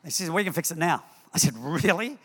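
Bright-voiced pastor man preaching. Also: a little high, quick pace, breathy edge. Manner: animated storytelling, repeats words, acts out scenes. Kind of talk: sermon. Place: church hall. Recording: long hall reverb.

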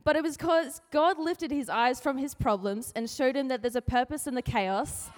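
At a normal speed, a fairly high-voiced woman offers a casual youth devotion, relaxed and full of chatty playfulness. She imitates the people she quotes with comic voices, and her speech echoes with a long reverb like in a large hall.

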